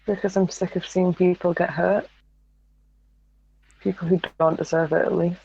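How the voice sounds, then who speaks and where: A woman's voice: fairly low pitch, level tone, moderate pace, gravelly, dark tone, slightly rough, lo-fi sound. A woman player speaking in character, earnest and protective. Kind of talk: in-character tabletop play.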